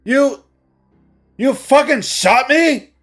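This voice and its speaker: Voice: medium pitch, lively intonation, slow pace, faint music behind, voice pushed up. A narrator voicing a young male bat, angry and wounded, hissing out curses. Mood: shocked. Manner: hissing, swearing outbursts.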